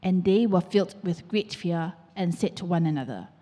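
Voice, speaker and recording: A woman reads scripture aloud at a steady, measured pace. Her voice sits low and sounds mellow and husky. A long church-hall reverb lingers behind her. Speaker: scripture reader.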